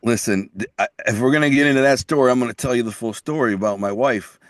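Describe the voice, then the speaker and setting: A middle-aged man, mid-pitched and talking in blunt street slang. He tells his story plainly and often repeats or restarts his words. The sound is dry and close, with no room echo. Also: quick pace. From Detroit. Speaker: guest, author. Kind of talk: casual storytelling interview.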